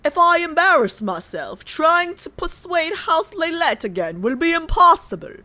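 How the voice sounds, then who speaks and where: A young woman voicing a game character in a put-on British accent, pushing her voice lower and speaking in a stiff, mock-posh way. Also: sing-song, moderate pace, sharp tone, exaggerated voice. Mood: earnest.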